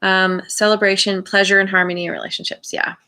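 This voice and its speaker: A woman giving a tarot reading for her channel, musing aloud in a slow, rambling way with many restarts. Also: medium pitch, level tone, bright, forceful tone. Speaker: tarot reader.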